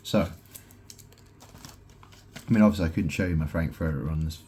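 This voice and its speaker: A man's voice: rumbling low, moderate pace, dark tone, a little hiss or hum. A man recording a rambling monologue at home, meandering through wordplay and asking "right?" often. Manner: meandering, wordplay-heavy, with many "right?" asides. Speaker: solo vlogger. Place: at home in his house.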